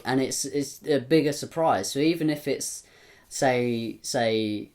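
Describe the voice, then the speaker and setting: Rambling podcast co-host. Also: male voice, mid-range voice, measured pace. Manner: rambling, animated retelling with quoted voices. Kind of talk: casual chat.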